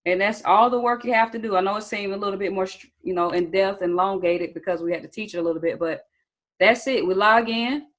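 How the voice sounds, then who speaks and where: A young woman teaching trading live over screen share talks fast in a medium-pitched, slightly bright voice, and the recording is rough. Casual and talkative, she calls her audience "you guys" and "y'all," checks in often with "okay?" and asks for chat responses.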